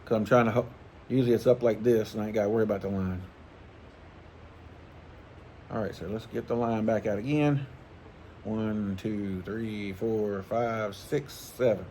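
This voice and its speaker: A man's voice: lowish voice, fairly even intonation, moderate pace, mellow, slight background noise. A middle-aged man, chatting casually and profanely about fishing gear. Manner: rambling, profane, laid-back, chuckling. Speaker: fishing channel host. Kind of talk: casual vlog chat.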